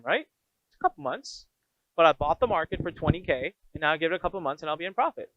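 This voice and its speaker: A man coaching his members on running an online business, telling frank, animated stories as he teaches. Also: on the high side, clear, resonant tone, no echo, muffled recording. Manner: energetic storytelling, frank and animated.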